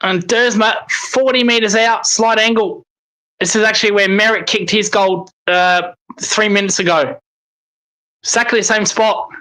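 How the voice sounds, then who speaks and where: A man commenting live on a football match as a fan, excitable and swearing when frustrated. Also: high-pitched, unhurried, rough recording. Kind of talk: live watch-along commentary.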